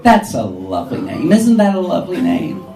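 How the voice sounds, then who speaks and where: A man's voice: high voice, wildly swooping pitch, normal speed, vocal fry, music in the background, full character voice. A man performing as a brash, catty drag queen hostess, teasing a live audience with sarcastic, mock-haughty crowd work. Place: pub or club function room, live audience. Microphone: camera filming from the audience, far off. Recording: echoey room, far from camera, loud crowd. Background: audience laughter and chatter.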